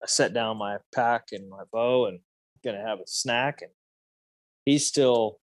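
A man's voice: fairly low pitch, measured pace, no room sound. A man in his thirties casually telling a hunting story, rambling with many fillers and restarts. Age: 30s.

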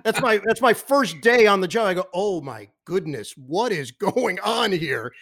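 A man who works as a sports broadcaster, telling lively anecdotes as a podcast guest and mimicking the people in them. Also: sits high, a little slow. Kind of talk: animated storytelling in a podcast interview.

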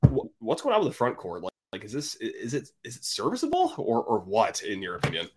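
A man's voice: fairly low pitch, wildly swooping pitch, quick pace, noisy background. A young man hosting a sports podcast, chatting casually in a jokey, self-deprecating way. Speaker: podcast host.

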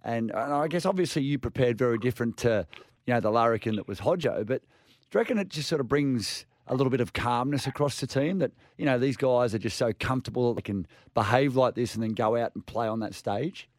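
Rambling Australian radio co-host. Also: male voice, medium pitch, no room sound, clean studio sound. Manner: rambling, halting questions full of restarts. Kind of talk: casual radio chat. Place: radio studio.

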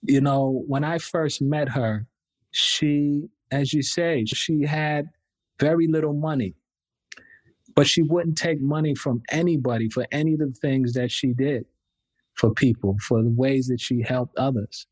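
A male professor talks slowly and reflectively as a guest, taking his time over each thought. His pitch sits in the middle range. The recording is dry and close. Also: no room sound. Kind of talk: interview answers.

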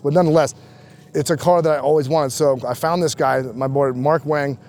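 A man, a professional golfer, guesting on a casual podcast, telling animated, profanity-laced stories. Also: a little high, fairly quick, a little hiss or hum.

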